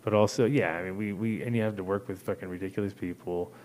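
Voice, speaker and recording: Low-voiced man, rambling casual storyteller, swears a lot, faint room hum. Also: steady tone, fast, a little mellow. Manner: rambling, profane, acts out voices in quotes. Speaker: host.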